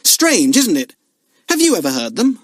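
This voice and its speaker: A man's voice: high-pitched, huge pitch swings, normal speed, fairly bright tone, voice pushed up, heavily acted. A man voicing a cheerful, unafraid boy in an audiobook who teases politely. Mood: breezy. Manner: cheery and polite, lightly teasing. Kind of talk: audiobook character voice.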